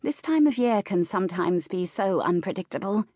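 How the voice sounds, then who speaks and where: Nervous young gentlewoman, voiced by a woman, chirpy, eager, polite, higher than the narration. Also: expressive, normal speed, no echo, studio quality, lightly acted. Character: nervous young gentlewoman trying to sound serene.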